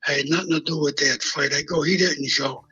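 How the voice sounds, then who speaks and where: A man's voice: fairly high pitch, steady tone, brisk, bright, forceful tone, breathy edge, faint music behind, low-quality recording. An older man, a guest on a live stream, tells a street story bluntly and profanely, acting out each exchange of dialogue. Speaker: guest recounting mob history.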